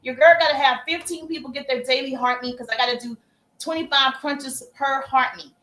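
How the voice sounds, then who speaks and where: A woman hosts a casual live stream with sales tips, her voice high and bright. She chats with viewers, calls them baby and acts out sample messages. The room gives back a noticeable echo. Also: fairly even intonation, brisk, slight background noise. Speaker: livestream host and sales coach. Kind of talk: casual livestream coaching.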